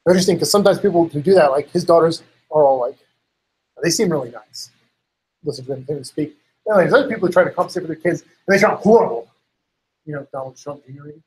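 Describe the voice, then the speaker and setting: Husky man in rambling casual chat. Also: on the high side, a little mellow, poor audio. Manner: rambling, heavy use of "like" and "you know"; acts out others' lines in quotes.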